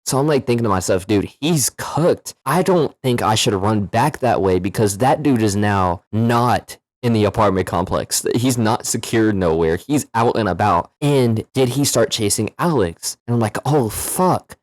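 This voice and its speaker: Low-voiced man telling a wild story. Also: normal speed, hardly any pauses, no room sound. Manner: animated, profane, slangy storytelling. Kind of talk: casual story-time vlog.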